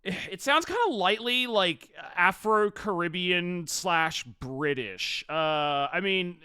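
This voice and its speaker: A man's voice: sits high, expressive, sharp tone, smooth, no echo. A man giving blunt, profane live-stream reaction commentary. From Australia. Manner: blunt, profane, quick to judge.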